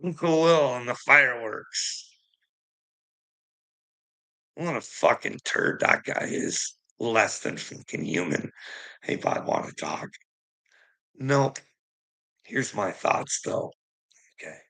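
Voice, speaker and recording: A man's voice: medium pitch, sing-song, slow, creaky, pauses often, sharp tone, low-quality recording. A man delivering a heated, profane rant to his viewers, confrontational and swearing constantly. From Canada. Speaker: streamer.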